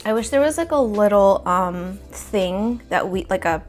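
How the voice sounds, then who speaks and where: A young woman with an expressive, mid-range voice chats at normal speed while repotting plants at home, filmed on a nearby phone with soft background music. She rambles and thinks aloud with plenty of fillers, coughing now and then from the dust.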